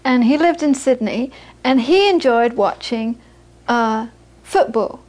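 A woman teaching Buddhism to a live audience, moving from lively anecdotal storytelling into quiet, reflective teaching. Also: a little high, slow. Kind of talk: dharma talk to a live audience.

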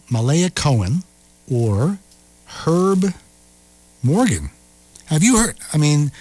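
A man's voice: medium pitch, no echo. Radio host guy cracking jokes, bouncy up and down voice, dry studio sound. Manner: animated, wisecracking and sarcastic. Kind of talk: casual on-air commentary.

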